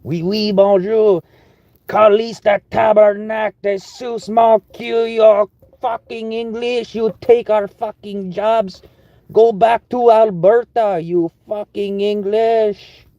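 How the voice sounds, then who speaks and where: A man doing a shrill, jeering Québécois guy in a mock French Canadian accent. He yells in slow, drawn-out bursts, well above his usual low voice, and the sound is dull and lo-fi. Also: fairly even intonation, dry recording. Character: mocking Québécois man, high and shouting.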